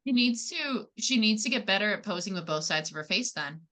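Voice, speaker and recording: A woman chatting casually in a group discussion, animated and full of fillers. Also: mid-range voice, fairly quick. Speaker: panel guest.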